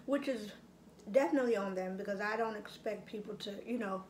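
A middle-aged mukbang vlogger chats briskly while she eats at home, her mid-range voice darkish in tone. She's reflective and reminiscing, with lots of fillers, and the echoey room has faint ambience and slight background noise.

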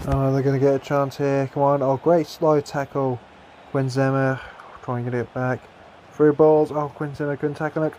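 A young man commentating his own football video game, excitable, swearing and shouting at his players. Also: fairly high pitch, moderate pace, slight background noise. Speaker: gaming YouTuber.

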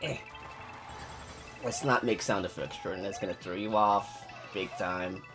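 A man hosting a gaming channel, giving excitable let's play commentary and talking to himself as he plays. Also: sits low, a little slow, music in the background. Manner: excitable, talks to himself while playing.

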